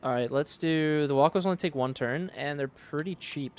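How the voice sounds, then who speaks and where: A man streaming a strategy game, commenting casually and thinking aloud in a relaxed, matter-of-fact way on a studio microphone. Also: on the high side, normal speed, clean tone. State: sleepy, yawning. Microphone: studio dynamic mic.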